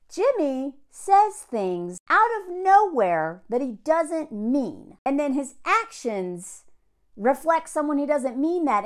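A young woman from the American South giving a blunt, sarcastic rant as a video creator. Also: high voice. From Southern United States. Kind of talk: ranting commentary.

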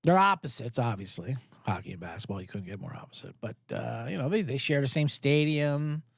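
A man's voice: medium pitch, expressive, brisk, creaky, no room sound, studio quality. A man hosting a sports betting podcast, talking in a rambling, profane, casual way.

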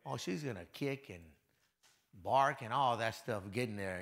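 A man preaching a conversational sermon as pastor in a church hall, acting out quotes and swinging from quiet asides to loud declarations. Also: mid-range voice, a little slow, creaky.

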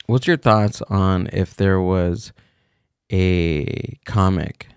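A man in casual podcast chat, musing aloud and asking questions with restarts. His low voice has a gravelly edge. The sound is dry and close. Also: extremely slow, darkish tone, no echo. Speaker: podcast co-host.

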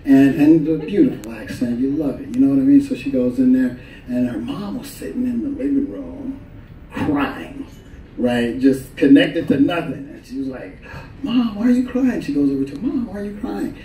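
A man performing a stand-up comedy set on a club stage, telling stories animatedly and jumping into high voices for the people he quotes. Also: normal speed, mellow, recorded from a distance, slight background noise. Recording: roomy live club recording, crowd laughter.

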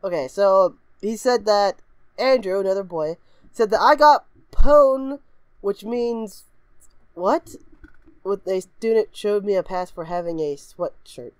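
A woman hosting a reaction video, reading aloud haltingly, giggling and breaking into shrieking laughter and goofy voices. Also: mid-range voice, lively intonation, no room sound. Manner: frequently puts on goofy voices of kids. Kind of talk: casual reaction commentary.

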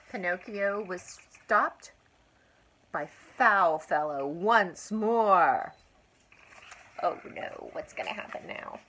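An older woman, a grandmother, reading a children's story aloud with expressive, drawn-out emphasis and asides to a child. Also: medium pitch, low-quality recording.

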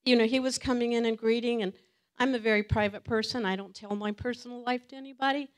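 A woman's voice: on the high side, fairly even intonation, fast talker. A woman sharing a personal testimony at a church gathering, talking earnestly and emotionally and laughing now and then. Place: church meeting room with audience.

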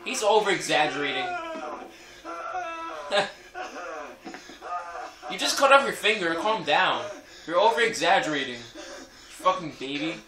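A man commentating on gameplay, cursing loudly and laughing with frequent outbursts. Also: a little high, lively intonation, a little slow, pauses often, distant mic, crowd noise. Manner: profane, loud outbursts, laughing. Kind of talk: let's play commentary. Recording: echoey room, game music behind.

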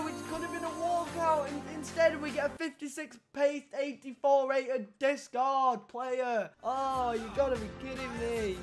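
A young man commentating a video game pack opening, excitable and loud, shouting and laughing at the reveals, with music playing behind him. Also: very high-pitched, a little slow, few pauses. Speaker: gaming YouTuber. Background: background music.

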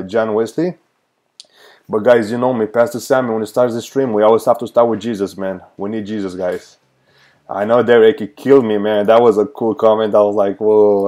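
A man's voice: on the low side, dark tone. A man hosting a casual livestream as a pastor, greeting viewers by name, laughing often and moving into earnest prayer.

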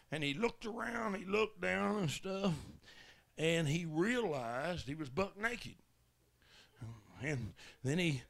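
A man preaching at a tent revival, telling a folksy story that builds to shouted commands. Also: high-pitched, vocal fry. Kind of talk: revival sermon testimony.

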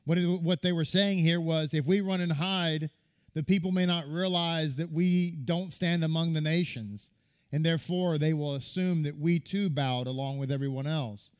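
A man's voice: a little high, fairly even intonation, moderate pace. A man, a rabbi, giving a sermon that retells a midrash, reading and quoting scripture and repeating words for stress.

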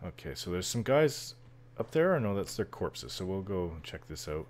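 A man's voice: deep voice, sing-song, moderate pace. A man chatting casually over gameplay, rambling with lots of fillers and frequent chuckles. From Canada. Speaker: gameplay commentator. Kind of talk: casual let's-play chatter.

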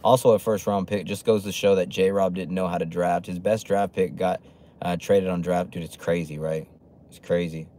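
There's slight background noise as a man with a low, warm voice speaks at a moderate pace with fairly even intonation. Hosting a casual livestream, he reads chat messages aloud, swears freely, laughs often and fills his speech with restarts and fillers.

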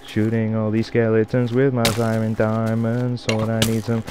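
A man's voice: on the low side, monotone, moderate pace, background noise. A man giving rambling let's play commentary, swearing and mocking himself as he plays at home. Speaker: gamer.

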